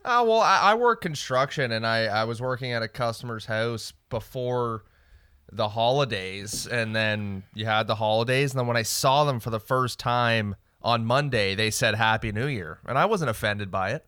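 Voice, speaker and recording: Bright-voiced laid-back podcast guy. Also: mid-range voice, moderate pace, clear, resonant tone, dry recording, clean studio sound. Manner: laid-back, blunt, chatty. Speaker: podcast co-host. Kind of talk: casual sports chat.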